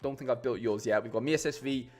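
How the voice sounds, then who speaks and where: A man chats casually to his live-stream viewers in a middle-pitched voice, rambling with plenty of fillers and restarts. Faint music plays quietly behind him. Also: fast talker. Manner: chatty, rambling, many fillers and restarts, says "mate" a lot. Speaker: streamer building fantasy football lineups.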